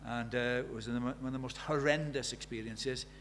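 A man's voice: medium pitch, steady tone, fast talker, a bit bright, slight background noise. A man preaching a sermon, emphatic, repeating key phrases and asking the listeners rhetorical questions.

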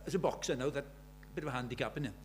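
A man's voice: medium pitch, rapid-fire, slight background noise. A man in his seventies preaching a sermon, pressing his congregation with earnest rhetorical questions. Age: 70s. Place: church.

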